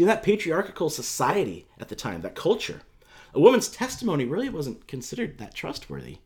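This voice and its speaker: A man preaching a sermon as pastor, telling the story in a conversational, emphatic way with casual fillers. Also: medium pitch.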